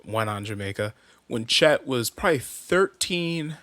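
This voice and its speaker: A man's voice: medium pitch, lively intonation, unhurried, a bit bright, no echo. A man in his thirties co-hosting a podcast, easygoing and chatty. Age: 30s. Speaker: podcast co-host. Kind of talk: casual chat.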